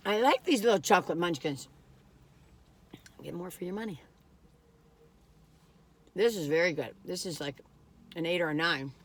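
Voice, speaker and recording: A woman's voice: on the low side, animated, moderate pace, long pauses, breathy edge. A middle-aged woman chatting casually in a meandering, folksy way while reviewing food. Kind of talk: casual rambling chat.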